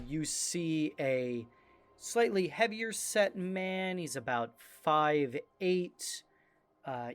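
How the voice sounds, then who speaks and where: A man narrating scenes as game master of a tabletop role-playing game, relaxed and full of fillers. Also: mid-range voice. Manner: relaxed, descriptive, with many "uh" fillers.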